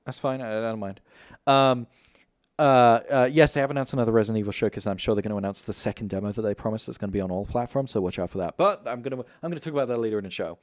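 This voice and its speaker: A young man hosting a gaming news livestream, talking quickly and casually, swearing and laughing often. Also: mid-range voice. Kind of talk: casual live-stream chat.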